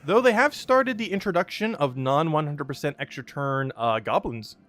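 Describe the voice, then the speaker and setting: Young male streamer, casual chatty commentary, laughs a lot, lively pitch, faint game music under. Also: moderate pace. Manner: chatty, laughs often, many fillers.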